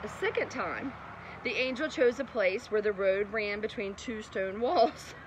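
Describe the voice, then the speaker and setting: A woman with an unhurried, mid-range voice tells a bedtime Bible story chattily, full of laughing asides. Outdoor traffic noise fills the background.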